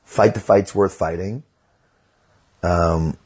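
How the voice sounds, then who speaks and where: A man's voice: low-pitched, fairly even intonation, slow pace, darkish tone, husky. A middle-aged man, a comedian guest on a casual podcast interview, talking bluntly and with profanity, and telling stories animatedly.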